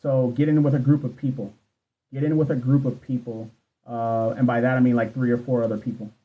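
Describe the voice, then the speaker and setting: His medium-pitched voice barely shifts in pitch and his pace is brisk, with phone-quality sound from a livestream. This nursing exam coach in his thirties is candid and profane, answering viewers' questions while talking straight to them.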